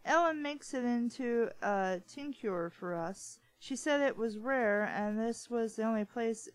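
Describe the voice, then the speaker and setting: Woman reading as a charming upper-class gentleman. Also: fairly high pitch, measured pace, natural voice, low-quality recording. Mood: polite.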